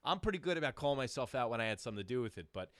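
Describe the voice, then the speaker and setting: A man's voice: medium pitch, very fast, no echo, studio quality. A man co-hosting a casual podcast, telling bar stories with acted-out quotes and plenty of swearing. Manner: animated storyteller, acts out quotes, swears freely. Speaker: podcast co-host, bartender. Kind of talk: casual storytelling chat.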